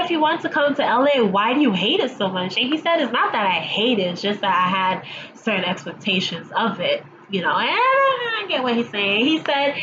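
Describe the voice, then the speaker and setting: A woman with a mid-range voice and stuffy allergies reviews a TV episode in a casual home vlog, acting out the characters' lines. Chatty and laughing along as she tells it, she's recorded in a dull home setup with audible background noise and sirens going by outside.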